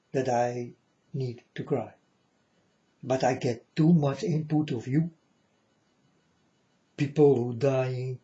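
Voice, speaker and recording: Speaking to viewers in a mid-range, dark-toned voice, this man offers a relaxed spiritual monologue. He goes slowly, repeats himself, and keeps checking with "you understand?", and the lo-fi recording sounds dull.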